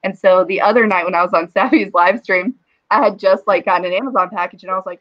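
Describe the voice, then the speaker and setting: A woman's voice: medium pitch, fast talker, highs cut off. A woman hosting a casual livestream chat, reading viewer comments aloud and laughing often. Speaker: livestream host.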